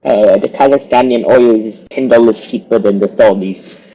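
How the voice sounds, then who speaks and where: A man playing another country's envoy in an online role-play, pitching an oil deal and stumbling over his numbers. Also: moderate pace, dark tone, muffled recording. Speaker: player representing Kazakhstan. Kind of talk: political role-play negotiation.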